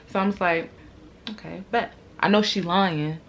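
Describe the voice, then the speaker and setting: A young woman tells a storytime to her viewers in loose, slangy talk, with a fairly low speaking voice. She acts out what other people said with big leaps in pitch and loudness and laughs as she goes. Faint background noise sits under her voice. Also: moderate pace. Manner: animated, acts out quoted lines with big jumps in pitch and loudness. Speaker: vlogger. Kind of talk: storytime, casual chat to camera.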